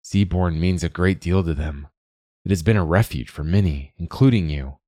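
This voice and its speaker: A steady, patient carpenter speaking plainly and earnestly, as a man voices him. His voice is very low and close, with a dry sound and no echo. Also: normal speed.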